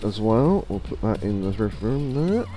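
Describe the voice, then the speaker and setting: A man's voice: lowish voice, sing-song, a little slow, dark tone. A man streaming a game, giving casual joking commentary with chuckling asides.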